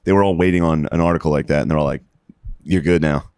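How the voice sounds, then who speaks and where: A man's voice: extremely low pitch, fairly even intonation, fast talker, darkish tone, clear, resonant tone, dry recording, studio quality. A man co-hosting a podcast, joking brashly with crude banter. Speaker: podcast co-host. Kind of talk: casual podcast chat.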